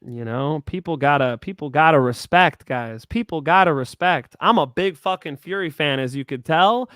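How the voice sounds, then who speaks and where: A man co-hosting a casual sports betting podcast, animated and swearing freely. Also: fairly high pitch, normal speed, dry recording. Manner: animated, swearing, rising emotion. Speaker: co-host of a betting picks show.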